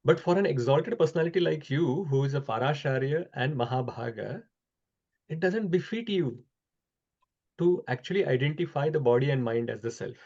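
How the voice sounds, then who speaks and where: A man teaching a scripture class over an online call, explaining slowly with frequent pauses. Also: on the high side, expressive, darkish tone, dull audio.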